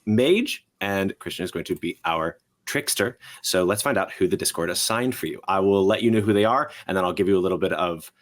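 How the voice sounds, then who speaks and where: A man running a tabletop game as game master, upbeat and quick to laugh. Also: sits low, lively intonation.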